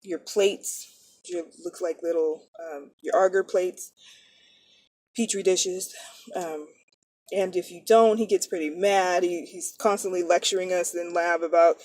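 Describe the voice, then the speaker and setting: A woman's voice: lowish voice, steady tone, measured pace, a little mellow. A woman in her thirties, a nursing student, chatting casually and rambling, often correcting herself mid-sentence. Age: 30s. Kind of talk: casual chat.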